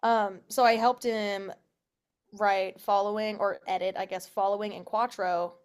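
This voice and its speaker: A young adult actress being interviewed chats casually, laughing a lot, saying "like" often and swearing now and then. Her medium-pitched voice is smooth, a little slow and fairly even in intonation.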